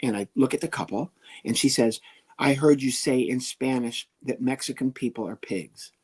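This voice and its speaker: Appearing as a guest on an interview show, a comedian with a husky, slightly breathy, medium-pitched voice tells a story at normal speed. He's lively and animated, slipping into the voices of the people he quotes.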